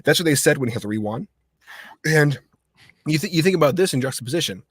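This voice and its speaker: A man's voice: a little high, animated, fast talker, husky, dry recording, studio quality. A man hosting a casual political livestream chat, talking in a rambling, heated way with many restarts. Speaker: host.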